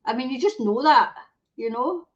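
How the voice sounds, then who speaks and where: A woman's voice: sits high, expressive, lo-fi sound. A Scottish woman hosting a casual livestream chat, ranting and swearing as she reads out viewer comments. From Scotland. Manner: ranting and sweary, quick to flare up. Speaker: livestream show host.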